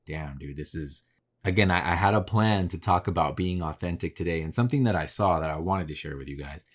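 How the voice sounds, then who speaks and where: A man hosting his own podcast, talking casually and candidly about his work, swearing freely as he reflects on himself. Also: deep voice. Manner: candid, profane, self-reflective. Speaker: podcast host. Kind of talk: casual solo podcast monologue. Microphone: podcast mic facing camera.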